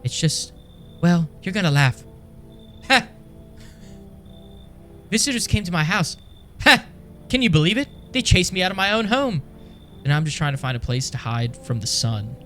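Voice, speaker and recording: A man's voice: sits high, big pitch swings, moderate pace, pauses often, sharp tone, faint music behind, exaggerated voice. A man voicing a nervous stranger in a horror game who frets about surviving. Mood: anxious. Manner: anxious, fretful. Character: nervous man fleeing the deadly heat.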